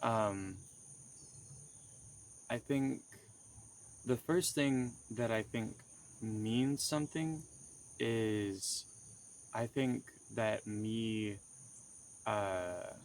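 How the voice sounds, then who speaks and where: A man's voice: fairly low pitch, very slow, long pauses, a little hiss or hum. A young man telling the story of a dream in a casual, rambling way, with many fillers and restarts. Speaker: vlogger recounting a dream.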